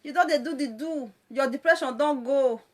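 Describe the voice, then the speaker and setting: A woman's voice: high voice, moderate pace. A woman with a Nigerian accent, a social media presenter ranting on a live video, mocking and scolding her callers and laughing often between lines.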